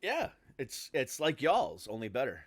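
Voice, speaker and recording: Lively-voiced male podcast host. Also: mid-range voice, measured pace, no room sound. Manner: laughing, swearing, joking banter. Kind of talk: casual interview chat.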